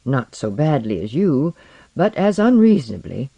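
A man's voice: mid-range voice, big pitch swings, normal speed, mellow, dry recording, dull audio. A man reading the lines of an aged, shaken alien man who speaks in a strained, clipped way.

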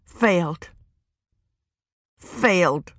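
A woman's voice: fairly low pitch, lively intonation, extremely slow, fairly bright tone, dry recording, studio quality, exaggerated voice. A woman reading the part of a fierce, proud middle-aged farm woman who speaks sharply and demandingly. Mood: fierce, earnest.

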